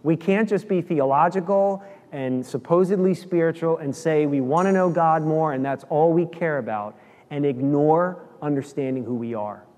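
A man's voice: on the high side, moderate pace. Preacher man in an echoing hall. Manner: animated, acts out quoted dialogue. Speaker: pastor. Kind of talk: sermon.

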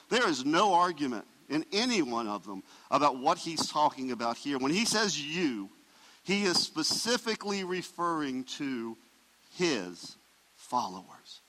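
A male pastor delivers his sermon with emphatic swells and hushed drops. His voice sits a little high and sounds bright and forceful. A long reverb trails after his words, as in a large sanctuary.

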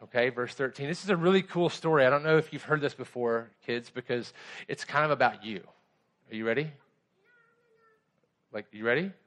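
A man's voice: mid-range voice, brisk, long pauses, a bit bright. A middle-aged pastor giving a conversational sermon to children and adults, asking the kids simple questions as he goes.

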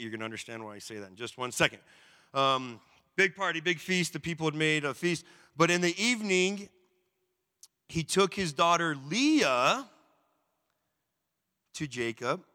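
A man preaching a sermon in a casual, animated storytelling way, with slang and asides. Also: medium pitch. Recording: long reverb.

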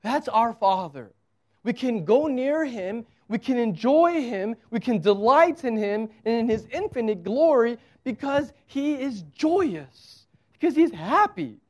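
High-voiced pastor giving a chatty sermon. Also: male voice, expressive, measured pace, a little mellow. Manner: conversational, humorous, emphatic.

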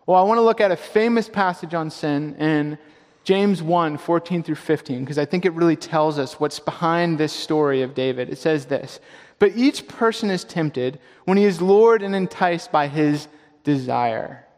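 A man with a fairly high voice preaches a sermon in a church sanctuary, pressing hard on his main points. He slows down and repeats the key lines so they land. Long reverb from the big hall trails each phrase. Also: a little mellow. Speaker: pastor.

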